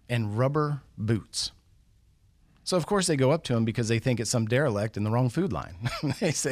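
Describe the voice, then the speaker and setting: A middle-aged man, a guest speaker, telling a motivational story in an animated way, building suspense with questions to his listeners. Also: mid-range voice, no room sound.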